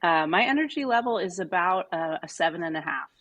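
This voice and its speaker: Female podcast host, fairly low-pitched, upbeat, steers the talk with questions. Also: lively intonation, brisk, fairly bright tone, lo-fi sound. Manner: upbeat, asks questions, talks through fillers. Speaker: guest host. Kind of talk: casual podcast conversation.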